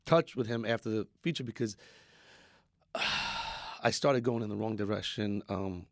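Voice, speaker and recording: Soft-spoken halting young man. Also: lowish voice, dry recording, studio quality. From New York, USA. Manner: halting, many restarts and "like" fillers. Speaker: musician guest. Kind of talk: candid interview talk.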